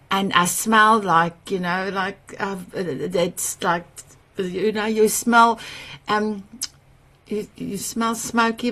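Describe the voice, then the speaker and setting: A summit host with a South African accent, an Afrikaans speaker, talks in a mid-range voice during a video call. She shares stories from her own life, warm to the point of gushing, emotional and quick to laugh.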